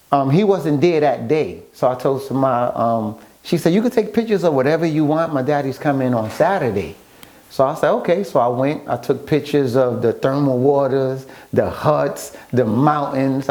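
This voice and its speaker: A man recounting how he met someone, in a relaxed interview. He slips into the voices of the people he talks about, keeping a middle-pitched, everyday voice. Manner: animated storyteller acting out quoted dialogue. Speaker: guest, author and photographer. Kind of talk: casual storytelling interview.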